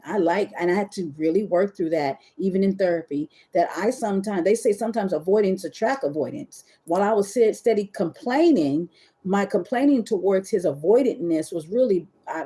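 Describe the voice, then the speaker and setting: She's a webcam model on a livestream, her voice dark-toned and on the low side, rambling candidly to viewers in a casual confessional way. Emotion creeps in, and she's sometimes on the verge of tears. A phone or webcam on the live stream serves as the microphone.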